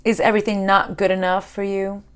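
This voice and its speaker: Woman tarot reader speaking to camera, impassioned, with sudden drops to hushed tones, mid-range pitch. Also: little pitch movement, a little fast, clear, resonant tone. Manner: impassioned, swinging from loud outbursts to hushed near-whispers. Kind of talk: spiritual tarot reading to camera.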